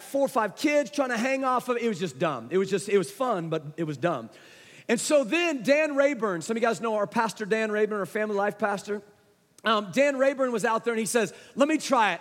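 Preacher, man, very high voice, chatty storyteller, big reverberant sanctuary. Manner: conversational storytelling, addresses congregation. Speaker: pastor. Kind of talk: sermon. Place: church sanctuary. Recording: long hall reverb.

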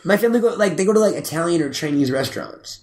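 A man's voice: on the high side, animated, racing, darkish tone. Young man telling profane rambling stories. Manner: loose, profane storytelling with voiced quotes. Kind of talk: casual chat.

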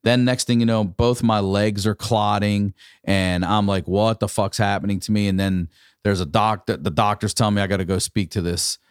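A man's voice: on the low side, steady tone, moderate pace, clean tone, dry recording, studio quality. A man in his forties, a podcast host, telling a long profane story in casual chat. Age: 40s. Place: podcast studio.

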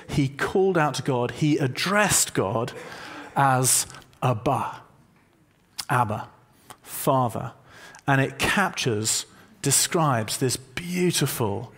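A man preaching a sermon to a congregation, conversational and gently humorous as he explains a word. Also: on the high side. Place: church hall with a congregation.

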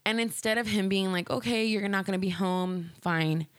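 A woman's voice: mid-range voice, moderate pace, dry recording. A woman hosting a solo podcast, telling stories in a candid, rambling way full of "like" and restarts. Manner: candid, rambling, heavy use of "like". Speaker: podcast host. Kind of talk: casual solo podcast storytelling.

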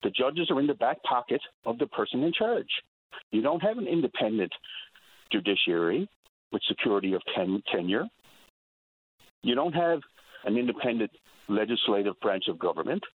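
A male radio caller with a husky voice, arguing with impassioned indignation in a call-in show. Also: medium pitch, expressive, moderate pace, long pauses. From Newfoundland. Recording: tinny phone line.

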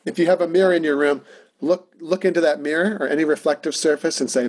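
Chatty man teaching a tune, slightly high. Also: fairly even intonation, fast talker, darkish tone. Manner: talky, encouraging, sings rhythm syllables. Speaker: music teacher. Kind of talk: casual online music lesson.

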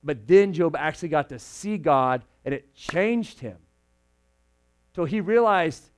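A young man preaching a sermon to a room, moving between loud, emphatic lines and quiet, hushed ones. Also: on the high side, expressive, measured pace.

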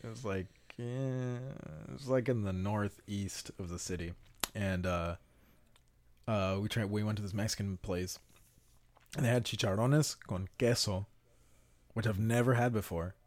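A man's voice: lowish voice, steady tone, a little slow. A man from California, chatting casually on a podcast and telling laid-back, rambling anecdotes. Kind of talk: casual chat.

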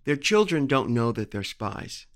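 A man's voice: mid-range voice, very animated, unhurried. A man co-hosting a podcast, gossiping casually about a TV show and swearing now and then. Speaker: podcast co-host. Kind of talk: casual chat.

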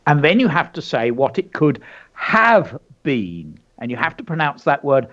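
A man talks to children as a show co-host, teacherly and enthusiastic, leaning hard on key words. His pitch rises and falls a great deal. The sound is dull and lo-fi. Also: very animated, measured pace, a bit bright. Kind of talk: educational chat for children.

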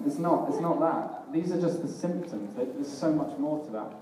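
A man's voice: a little high, expressive, moderate pace, mellow, a little hiss or hum. A man preaching a sermon in a casual, self-deprecating way, often laughing at himself. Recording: echoey hall, mic at a distance.

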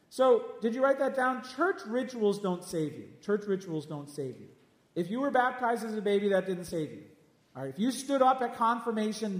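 A man preaches with a high, ringing voice, hammering home his points by saying them again and again straight at his listeners. He is recorded in a large hall or church, and a long, roomy reverb trails every phrase. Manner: emphatic, repeats lines, speaks straight at listeners. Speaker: pastor. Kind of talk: sermon.

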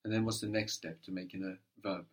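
A man's voice: low-pitched, steady tone, fast talker. A man giving a one-on-one language lesson, patient and prompting, often checking understanding with a questioning "no?". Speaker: language teacher.

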